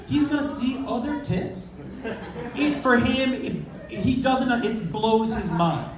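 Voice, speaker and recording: A man telling a story in a stand-up set, punchy and loud at times, swearing freely. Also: very high-pitched, slow pace. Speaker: stand-up comedian. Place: comedy club stage with a live audience. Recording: echoey, distant live club recording with a loud crowd.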